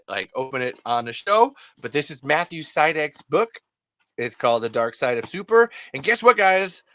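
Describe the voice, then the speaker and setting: A man in his thirties hosting a casual livestream, rambling and self-deprecating, swearing freely and breaking into loud impressions. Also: medium pitch, no echo. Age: 30s. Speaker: livestream host. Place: hot upstairs room.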